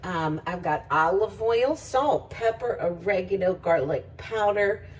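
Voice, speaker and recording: A woman's voice: medium pitch, animated, a little slow, far from the mic, a little hiss or hum, low-quality recording. Chatty woman cooking in her kitchen. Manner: chatty, laughs often, talks to viewers while cooking. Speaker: home cooking vlogger. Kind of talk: casual cooking demonstration. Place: home kitchen.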